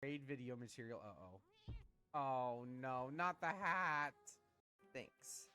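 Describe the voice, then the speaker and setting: A woman streaming a game live, laughing often, swearing and reacting loudly in casual commentary. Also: very deep voice, lively intonation, slow pace, clean tone, soft background music.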